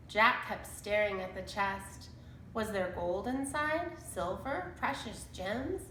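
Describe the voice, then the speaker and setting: A woman reading a children's chapter book aloud in a slow, deliberate storytelling manner. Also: medium pitch, sharp tone, echoey room, a little hiss or hum, low-quality recording. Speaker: storybook reader.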